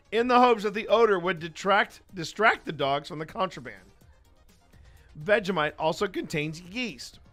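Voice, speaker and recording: A man putting on an Australian accent to read out a news story in a loud, drawn-out, theatrical way. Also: sits high. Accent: put-on Australian. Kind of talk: comic news reading.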